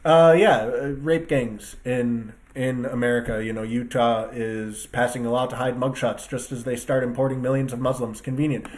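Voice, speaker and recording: A man's voice: mid-range voice, steady tone, normal speed, hardly any pauses, a little mellow. Profane, rambling male commentator. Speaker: online political commentator. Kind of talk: casual solo rant to viewers. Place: at a computer with two screens.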